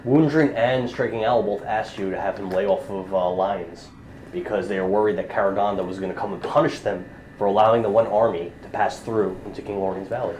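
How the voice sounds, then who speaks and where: A man running a tabletop game as game master, describing scenes with halting fillers. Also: fairly low pitch, steady tone, a little mellow, a little hiss or hum, rough recording.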